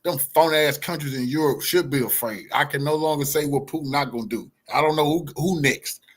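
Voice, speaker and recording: A man reacting to a news clip in a loud, mocking, slangy rant that swings between shouting and muttering. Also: a little high, fairly quick, slightly rough. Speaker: reaction streamer. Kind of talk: ranting reaction commentary.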